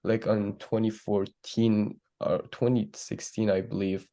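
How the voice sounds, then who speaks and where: Earnest male podcast co-host, rambling; dark gravelly voice. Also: fairly low pitch, level tone, unhurried. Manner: rambling, earnest, many fillers. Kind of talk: casual sports chat.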